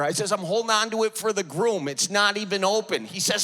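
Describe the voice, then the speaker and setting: A high-voiced man from the Midwest United States, with an Upper Midwest accent, does a stand-up comedy set on a large theater stage before an audience. He talks fast with lively intonation and barely pauses, his tone sharp and trailed by a long reverb. His humor is self-deprecating, and he acts out characters in dialogue.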